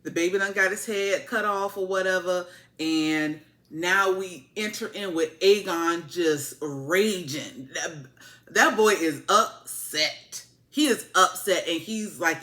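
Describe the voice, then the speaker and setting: A woman's voice: on the low side, slow. A woman giving a casual, sassy TV episode review, full of repeated words and playful asides. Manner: sassy, animated, repetitive asides. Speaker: TV recap reviewer.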